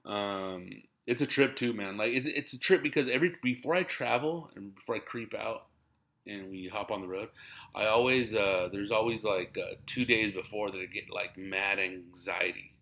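A man with a low, gravelly voice hosts a podcast in a loose, rambling monologue. As a stand-up comedian, he riffs casually and laughs often, drifting from one thought to the next. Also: moderate pace, bright, forceful tone. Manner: laid-back, rambling, laughs a lot.

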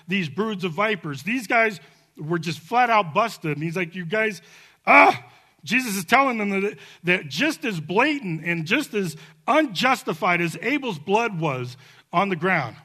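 Fiery, emphatic pastor preaching. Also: male voice, high voice. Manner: fiery and emphatic, building to shouts then dropping soft. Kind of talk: sermon.

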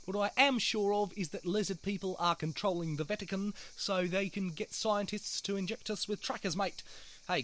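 A man's voice: sits high, fairly bright tone, slight background noise. A man voicing a stoned, paranoid male caterpillar with an Australian accent, rambling, swearing and forgetting himself. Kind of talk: animated comedy voice acting.

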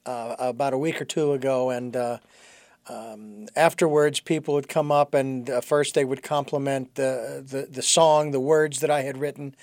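A man hosting a conversation, talking haltingly with many fillers and restarts. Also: medium pitch, steady tone, a little mellow, dry recording, studio quality. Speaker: host. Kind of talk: casual conversation.

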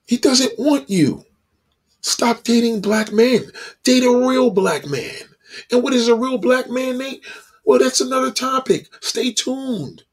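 A man's voice: very high voice, slightly rough. A man delivering a heated, profane opinion monologue with emphatic, ranting delivery. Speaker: commentator.

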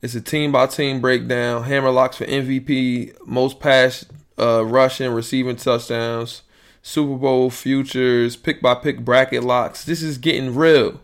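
A man's voice: medium pitch, flat delivery, measured pace. A young man, hosting a podcast in loose, rambling, profane chat. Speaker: podcast host.

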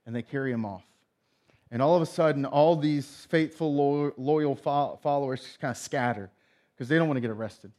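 A man's voice: mid-range voice, normal speed, a little mellow. A male pastor giving a sermon, retelling a story and acting out the characters' lines. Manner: storytelling, acts out voices in retelling.

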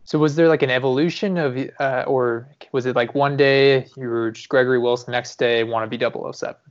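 A male podcast host asking relaxed, rambling questions and hedging as he thinks. His voice sits at an ordinary pitch. The sound is dull and muffled. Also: a little fast. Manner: loose, searching questions with fillers. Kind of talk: casual interview.

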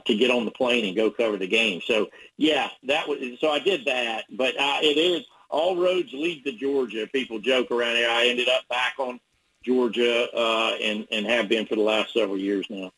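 Husky male sports reporter on radio, meandering anecdotes. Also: medium pitch, moderate pace, a bit bright, low-quality recording. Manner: rambling storyteller with restarts. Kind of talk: radio interview guest.

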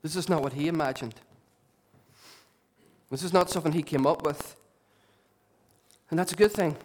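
Impassioned pastor preaching. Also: male voice, a little high. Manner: impassioned, repetitive emphasis, drops to quiet asides. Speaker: lead pastor. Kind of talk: sermon. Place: church hall.

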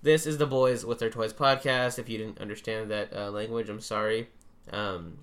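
A man's voice: on the low side, steady tone, normal speed, fairly bright tone. A man co-hosting a casual podcast, joking around, laughing often and rambling loosely. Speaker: podcast co-host. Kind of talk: casual chat.

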